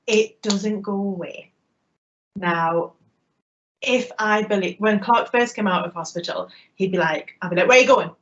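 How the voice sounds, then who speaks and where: Sex: woman. Style: humorous keynote storytelling. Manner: lively, self-mocking. Pitch: mid. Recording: muffled, lo-fi online audio. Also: measured pace. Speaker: keynote speaker. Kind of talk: humorous personal storytelling talk.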